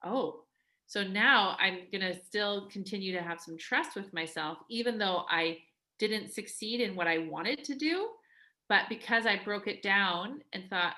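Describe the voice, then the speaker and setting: A woman's voice: mid-range voice, lively intonation, measured pace, bright, forceful tone. A woman life coach talking casually to a live coaching group. She is chatty, says "like" often and acts out quoted voices.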